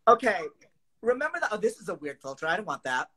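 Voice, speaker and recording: A man's voice: sits high, very animated, quick pace, pushed and bright, breathy edge. A man hosting a casual video call chat, playful and theatrical, teasing his guest. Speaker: host.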